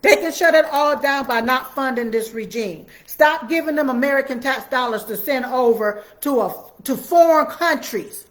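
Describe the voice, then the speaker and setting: A woman's voice: sits high, normal speed, hardly any pauses. Fiery woman preaching politics. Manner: fiery, repetitive, preachy, talks straight to viewers. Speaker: political commentator answering viewers. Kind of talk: livestream political commentary.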